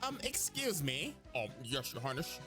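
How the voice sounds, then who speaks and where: A man's voice: on the high side, sing-song, normal speed, over music. A man voicing a timid circus ringmaster who stammers nervously.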